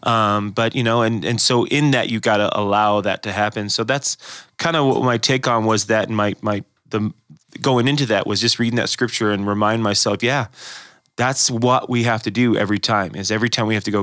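A man's voice: mid-range voice, moderate pace, fairly bright tone, dry recording, studio quality. A man co-hosting a casual faith podcast, rambling through his thoughts with frequent restarts and acted-out quotes. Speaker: podcast co-host. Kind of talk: casual chat.

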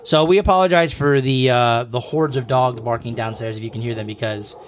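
A man's voice: medium pitch, a little fast. A man in his thirties co-hosting a casual podcast from home, telling rambling stories and chuckling often. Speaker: podcast co-host. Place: home room.

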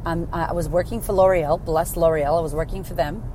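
A woman in her thirties, a life coach, telling her story in a blunt, sweary, animated way. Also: fairly low pitch, a little fast, slight background noise. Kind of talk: casual storytelling to camera.

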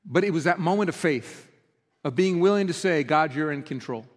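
High-voiced pastor preaching in an echoing hall. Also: male voice, expressive, normal speed. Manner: earnest, emotional preaching. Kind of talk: sermon. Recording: reverberant hall.

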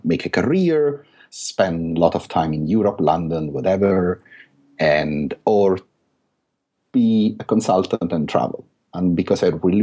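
A middle-aged man with a thick Italian accent speaks as a guest on a podcast interview. His voice sits very low, with a husky edge, yet his pitch moves in a lively way. He hesitates often, filling gaps and restarting his sentences. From Italy. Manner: hesitant, many fillers and restarts. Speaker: guest author.

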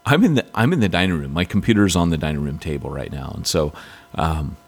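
A man co-hosting a podcast, telling a rambling, animated story in casual chat and jumping up in pitch when he quotes his wife. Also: fast talker, husky. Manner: rambling, many restarts. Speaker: podcast co-host.

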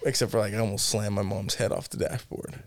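A podcast co-host tells rambling, profane stories in a casual chat, laughing often and swearing a lot. His voice is on the low side and creaky, fast with fairly even intonation, captured as a dry, studio-quality recording.

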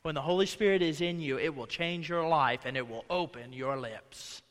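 Male pastor, high bright voice, conversational sermon with acted-out quotes, reverberant church hall. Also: normal speed. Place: church sanctuary.

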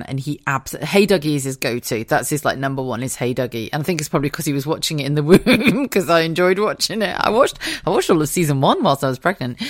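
A woman's voice: deep voice, no room sound, clean studio sound. A young mother chatting casually, laughing often and swearing freely. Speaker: podcast host, parent. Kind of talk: casual chat.

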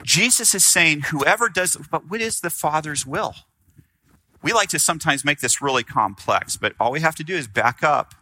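A man preaching a sermon in an animated, conversational way, acting out quotes and asking the listeners questions. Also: a little high, normal speed, rough recording. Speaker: pastor.

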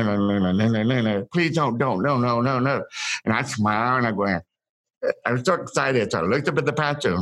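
A man telling stories from his childhood as an interview guest, in halting bursts with many restarts and repeated words. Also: lowish voice, fairly bright tone, low-quality recording. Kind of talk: casual storytelling.

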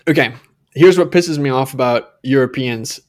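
A man's voice: medium pitch, moderate pace. Profane ranting man from Minnesota. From Minnesota, USA. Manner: profane, ranting, laughs often. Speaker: podcast co-host. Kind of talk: casual podcast banter.

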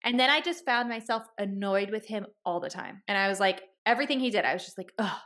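A woman's voice: mid-range voice, quick pace. A woman hosting a casual podcast chat, telling personal stories and acting out quotes. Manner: warm storytelling, acts out quotes.

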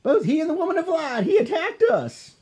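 A man voicing lying, whiny cult thugs in a put-on drawl, high and indignant. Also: big pitch swings, brisk, a little mellow. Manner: whining, indignant, high-pitched.

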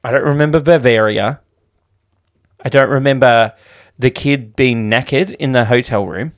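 A man co-hosting a casual film-review podcast, chatty and agreeable, quick to laugh along. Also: medium pitch, dry recording, studio quality. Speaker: podcast co-host.

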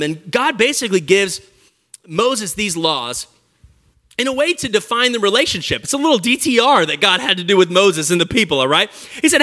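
A man preaching an energetic, conversational sermon to a live audience, joking and speaking directly to them. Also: high voice, normal speed. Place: church service before a live audience.

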